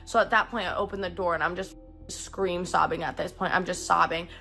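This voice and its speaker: A woman's voice: fairly low pitch, steady tone, brisk, creaky, pushed and bright, faint music behind. A young woman recounting a personal story in a chatty way, full of "like" and "um". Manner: chatty, peppered with "like" and "um". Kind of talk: casual storytelling.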